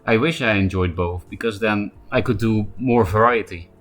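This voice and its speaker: Low-voiced man streamer, rambling. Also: moderate pace, fairly bright tone, faint music behind. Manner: rambling, thinking aloud with fillers. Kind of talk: casual live-stream commentary.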